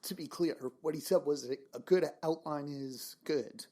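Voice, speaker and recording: A man's voice: on the high side, normal speed, warm tone. A man interviewing an author, asking encouraging, friendly questions. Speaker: radio interviewer. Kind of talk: radio interview.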